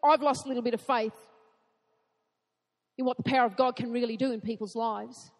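A woman preaching a sermon in an earnest way, asking rhetorical questions and building to excited emphasis. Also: fairly high pitch, a little fast, long reverb tail.

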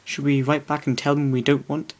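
A nervous, fretting housewife speaks in a raised, trembling voice that catches on its words, as a man reads her part aloud. She sounds far higher than the reader's own low voice, all worry and stammer. It comes from a comic storybook reading. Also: little pitch movement, a little fast, a little mellow, close to an everyday voice. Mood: fretful. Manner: quivering, stammering. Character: anxious fretting middle-aged housewife.

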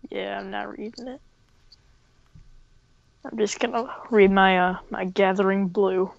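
A woman's voice: mid-range voice, fairly even intonation, unhurried, creaky, dull audio. A young woman co-hosting a casual podcast, teasing and hesitant, with lots of fillers. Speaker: podcast co-host. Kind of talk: casual chat.

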